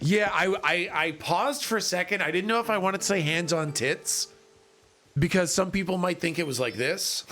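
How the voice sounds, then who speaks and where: Laughing often and reading chat aloud, a jokey male streamer talks casually while playing a video game on livestream. His voice is high-pitched and a bit bright.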